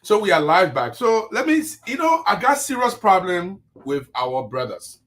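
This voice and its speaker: A man's voice: sits high, big pitch swings, a little slow. A middle-aged man, hosting a live online talk show and saying his piece with strong emphasis. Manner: emphatic, forceful delivery.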